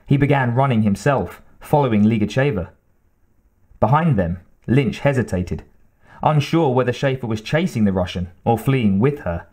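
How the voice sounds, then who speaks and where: A man reading a thriller audiobook in a steady, even narration. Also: medium pitch, normal speed. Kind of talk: scripted narration.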